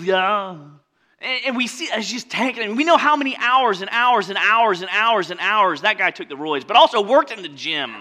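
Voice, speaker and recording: A male pastor delivering a sermon with a bright, forceful tone and a voice pitched a little high. He talks casually, dropping joking asides between passages of scripture. His delivery swings from loud, lively stretches to quiet ones. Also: moderate pace.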